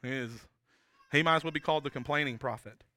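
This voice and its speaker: A man's voice: a little high, fast talker, sharp tone, no room sound, clean studio sound. A man preaching a sermon as pastor, talking in an earnest, conversational way with frequent restarts and tag questions.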